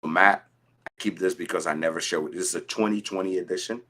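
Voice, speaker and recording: A man chatting casually as a contestant on a whiskey show, animated and telling personal stories with frequent restarts. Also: low-pitched, quick pace. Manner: animated, storytelling with repeated restarts. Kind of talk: casual chat.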